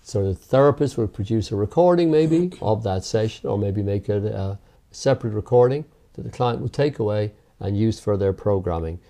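A man who teaches hypnotherapy, explaining its methods in a measured, emphatic interview. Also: fairly low pitch, creaky, mellow.

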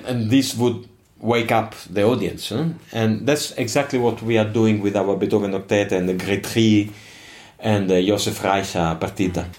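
Older man, non-native speaker with an Italian accent, emphatic, somewhat low voice. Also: moderate pace. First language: not English. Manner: expressive, emphatic, digressive. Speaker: musician guest. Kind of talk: interview answers.

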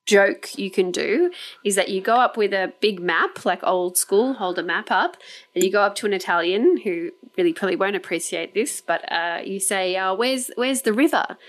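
A woman's voice: medium pitch, normal speed. A woman hosting a travel podcast, chatting casually, laughing often and restarting her sentences. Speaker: podcast host. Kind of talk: casual chat.

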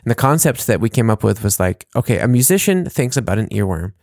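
A man's voice: on the low side, big pitch swings, quick pace, darkish tone, dry recording, studio quality. A man co-hosting a podcast in casual chat, rambling and laughing at his own jokes. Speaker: podcast co-host.

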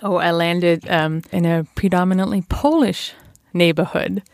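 German-accented woman guest, middle-aged, gravelly voice, anecdotal and chatty. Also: on the low side, steady tone, moderate pace, a little mellow, dry recording, clean studio sound. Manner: chatty storytelling with fillers and laughs. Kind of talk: casual interview chat.

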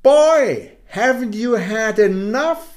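The good old moon of a storybook, gentle and patient, asking its question again and again, played by a man. The voice sits higher than usual and drawn out very slowly. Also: lively intonation. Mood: pleading.

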